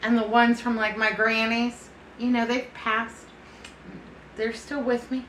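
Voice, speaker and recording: A woman's voice: fairly high pitch, little pitch movement, a little slow, a bit bright, a little hiss or hum. Chatty woman in an echoey room. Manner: chatty, affectionate, calls people honey and baby. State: unsteady and foggy-headed. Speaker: vlogger. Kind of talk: casual chat to camera.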